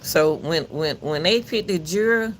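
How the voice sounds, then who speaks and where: Man with a loud coach's voice. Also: on the high side, a little slow, slight background noise. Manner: emphatic and preachy, with repeated words. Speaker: channel host commenting on a court case. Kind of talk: casual spoken commentary.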